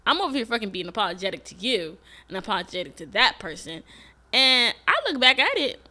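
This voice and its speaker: Candid, bright-voiced young woman vlogger. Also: medium pitch, sing-song, brisk. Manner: candid, profane, emphatic with sudden loud outbursts. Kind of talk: casual reflective monologue. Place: Atlanta.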